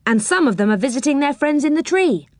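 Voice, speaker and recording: A woman voicing an eager young boy who leads the other children in a read-aloud story, sounding bright and encouraging. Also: high voice, lively intonation, a little fast, dry recording, studio quality, pitched above the performer's own voice.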